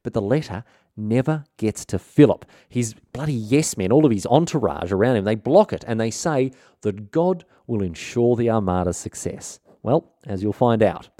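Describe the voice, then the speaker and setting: A man's voice: on the low side, lively intonation, normal speed, warm tone, dry recording, studio quality. A man hosting a comic history podcast, talking in an irreverent, rambling, slangy way and interrupting himself often. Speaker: podcast host.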